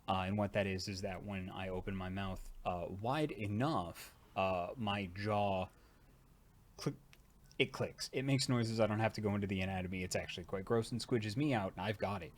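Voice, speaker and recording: Low-pitched male streamer, casual and rambling, sounds jaw-tired. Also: a little hiss or hum. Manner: rambling, chatty, frequent "uh" fillers. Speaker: streamer and voice actor. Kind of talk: casual livestream chat.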